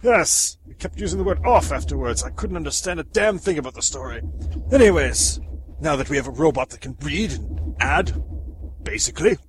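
A man's voice: fairly high pitch, lively intonation, a little fast, slight background noise, close to an everyday voice. A man voicing a bumbling, vain mad scientist with a pompous, exasperated manner. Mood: scheming.

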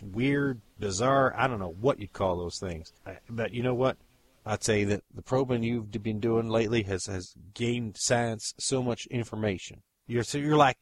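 A man hosting a mock news report as a folksy interviewer. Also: mid-range voice. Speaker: host.

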